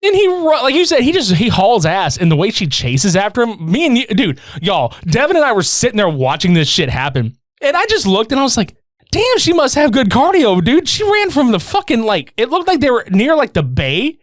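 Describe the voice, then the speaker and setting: A man's voice: high-pitched, huge pitch swings, brisk, hardly any pauses, dry recording, studio quality. A man co-hosting a podcast in casual, profane film chat, acting out scenes in funny voices. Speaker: podcast co-host.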